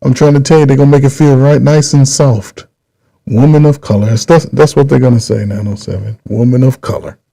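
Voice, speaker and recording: Gravelly, dark-voiced man rambling on. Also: mid-range voice, fairly even intonation. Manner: rambling, repeats himself, drawn-out pauses. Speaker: channel host. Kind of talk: casual political commentary.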